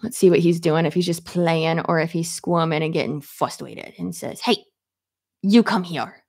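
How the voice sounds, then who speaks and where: Chatty woman with a gravelly voice. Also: sits low, level tone, moderate pace, darkish tone. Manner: rambling, chatty, laughs often. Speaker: YouTuber. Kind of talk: casual chat while doing her hair. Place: home office at her desk.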